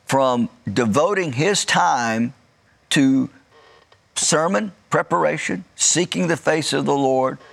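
A man preaching a sermon in a measured way, stretching out key words for emphasis and adding light joking asides. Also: on the high side, vocal fry. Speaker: pastor.

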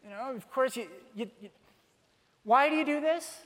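Give me a young male pastor preaching with animated humor, his voice ringing in a large reverberant hall. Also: extremely high pitch, moderate pace. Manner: animated storytelling with self-mocking humor. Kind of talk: sermon.

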